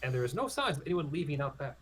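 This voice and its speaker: A man's voice: fairly high pitch, very animated, very fast, slight background noise, low-quality recording. A man narrating as game master of a tabletop game, often hesitating and restarting. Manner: hesitant, many ums and restarts.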